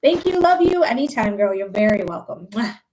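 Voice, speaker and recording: A woman's voice: mid-range voice, big pitch swings, fairly quick, dark tone, slight background noise. A woman hosting a psychic livestream, thanking viewers and ranting angrily with lots of swearing. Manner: swears freely, talks straight to viewers. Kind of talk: casual livestream chat and ranting.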